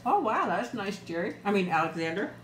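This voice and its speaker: A woman's voice: medium pitch, sing-song, brisk, reverberant, a little hiss or hum. A middle-aged woman chatting casually on a live eating stream, greeting viewers by name and laughing often. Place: room at home. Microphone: new external mic, close.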